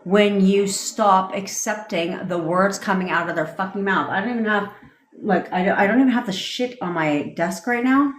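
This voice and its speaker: A woman coach ranting on a livestream, blunt and loud-mouthed with plenty of swearing. She talks back to viewer comments as she goes. Her mid-range voice carries a roomy echo from the room around her. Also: mid-range voice, normal speed, a little hiss or hum. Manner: blunt, profane, fired-up; reads and answers viewer comments. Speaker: manifestation coach. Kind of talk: livestream rant. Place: home desk. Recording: roomy, echoey room sound.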